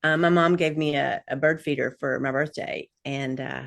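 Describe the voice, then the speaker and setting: Guest, middle-aged woman: low gravelly voice, rambling anecdotes. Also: steady tone, normal speed. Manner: rambling storyteller with frequent fillers and laughs. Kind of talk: casual chat.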